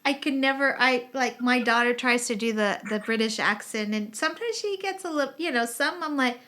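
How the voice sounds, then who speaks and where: A woman's voice: a little high, brisk, sharp tone. A woman hosting a casual live chat on a video call, talkative and rambling, laughing often. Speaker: host.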